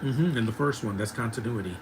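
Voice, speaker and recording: A man's voice: mid-range voice, fairly quick, noisy background. A man in his thirties giving opinionated, ranting live commentary while watching a movie, laughing often. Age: 30s.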